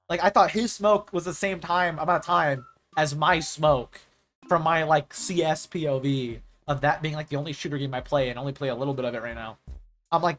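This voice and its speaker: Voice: mid-range voice, brisk. A gaming streamer chatting casually and telling stories in a rambling way, with lots of "like" fillers. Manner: rambling, animated storytelling with filler "like".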